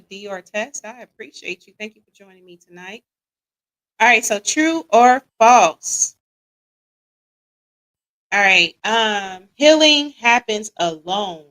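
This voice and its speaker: A woman's voice: mid-range voice, a bit bright, rough recording. A woman hosting a live podcast in casual chat, reading listener comments aloud and quizzing them. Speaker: podcast host.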